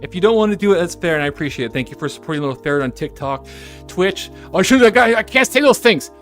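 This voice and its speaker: Woman streamer, casual chat: giggly and chatty, voice leaping up and down, soft music under it. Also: fairly low pitch, animated, fast. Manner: giggly, chatty, self-correcting asides. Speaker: VTuber streamer. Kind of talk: casual live-stream chat, reading chat messages.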